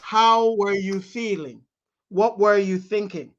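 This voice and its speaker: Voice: medium pitch, fairly even intonation, takes it slowly, fairly bright tone, highs cut off. An interviewer on a video call who patiently asks and repeats questions.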